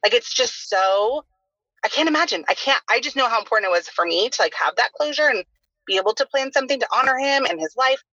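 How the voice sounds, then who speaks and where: A woman's voice: a little high, expressive, fast talker, bright, forceful tone, slightly rough, dry recording. A woman in her thirties hosting a casual podcast chat, talking freely and filling her sentences with "like". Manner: chatty, heavy use of "like" fillers. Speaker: podcast host. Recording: dull lo-fi sound.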